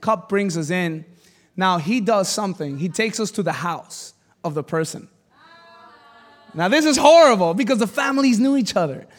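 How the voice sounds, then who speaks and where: A man with a high voice preaches to a church congregation. He tells a personal story in an animated, joking way, bursting into loud exclamations and then dropping to quiet, serious asides. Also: moderate pace. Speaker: pastor. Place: church service before a congregation.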